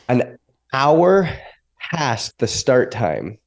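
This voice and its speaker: A man's voice: on the low side, a little slow. A man in his thirties, a podcast guest, telling a personal story with feeling and acting out the voices of others. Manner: emotional, animated storytelling with acted quotes. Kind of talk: storytelling in an interview.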